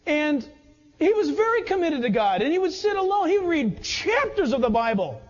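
A pastor with a high, lively voice preaches a sermon at normal speed, his pitch swinging widely as he tells animated stories and often laughs along. The audio is dull, with a long echo like that of a large church hall.

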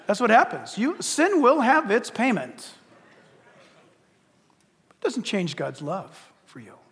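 Older male pastor, sermon delivery, lively swinging pitch, long hall reverb. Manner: animated, swings from hushed to shouting.

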